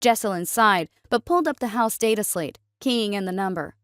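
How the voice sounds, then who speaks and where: A woman reading a science fiction story aloud in a steady, even storytelling voice. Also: medium pitch, brisk, hardly any pauses, dry recording, studio quality. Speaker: narrator. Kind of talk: scripted story narration.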